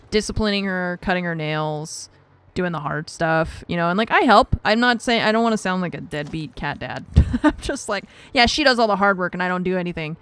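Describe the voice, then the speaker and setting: A woman streaming a game, chatting casually and self-mockingly with viewers and her cat, laughing often. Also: fairly low pitch. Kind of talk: casual live-stream chat while gaming.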